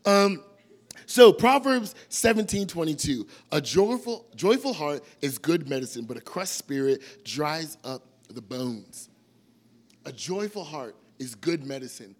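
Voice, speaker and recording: Animated youth pastor, lively delivery. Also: male voice, a little high, unhurried. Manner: animated, acts out little scenes with funny voices. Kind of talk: casual sermon.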